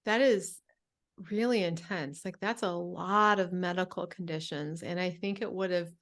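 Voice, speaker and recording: A woman's voice: fairly low pitch, fairly even intonation, normal speed, fairly bright tone. A woman hosting an interview, reacting sympathetically to her guest's story. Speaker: interview host. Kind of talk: conversational interview.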